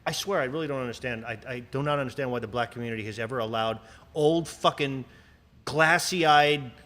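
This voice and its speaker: A man hosting a livestream, ranting in a casual, profane, animated way with sarcastic asides. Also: medium pitch, a little fast. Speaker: livestream host.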